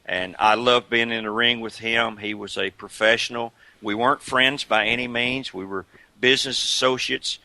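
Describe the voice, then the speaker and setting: An older man in a casual interview, chatting in an animated way about his career and breaking into imitations and laughs as he tells stories. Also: mid-range voice, moderate pace, vocal fry, dry recording. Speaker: guest, retired wrestler.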